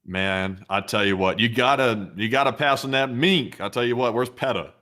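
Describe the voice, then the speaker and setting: A man's voice: medium pitch, normal speed, sharp tone. A man co-hosting a casual livestream, thanking donors and reading out their messages in a playful way. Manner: upbeat thank-you readouts, playful. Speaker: co-host reading super chats.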